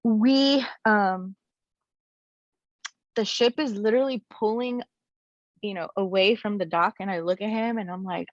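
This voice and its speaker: Woman, young adult, candid storytelling, lots of "like" fillers, medium pitch, slightly muffled dry sound. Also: measured pace, pauses often, dry recording. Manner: animated, frequent "like" and "you know" fillers. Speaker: guest sharing her story.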